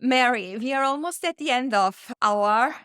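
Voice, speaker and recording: A woman hosting a podcast interview, speaking in a slow, reflective way and laughing often. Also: fairly high pitch, fairly bright tone, clean tone, no echo, studio quality. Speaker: podcast host. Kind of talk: conversational interview.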